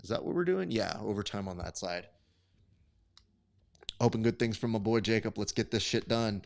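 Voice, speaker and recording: A man's voice: on the low side, normal speed, vocal fry. A young man hosting a live stream, giving sport commentary in casual, chatty, profane banter. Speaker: host.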